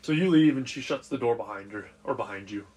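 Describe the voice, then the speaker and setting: A man narrating as game master of a tabletop role-playing game in a casual, animated way. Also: mid-range voice, quick pace, breathy edge. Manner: casual, animated scene-setting.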